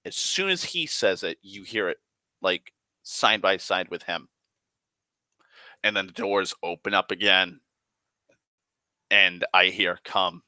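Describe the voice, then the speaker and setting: A man's voice: sits low, slow, pauses often, sharp tone, dry recording. A man casually recounting a tabletop game session, rambling and profane, full of fillers and restarts. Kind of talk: casual spoken storytelling.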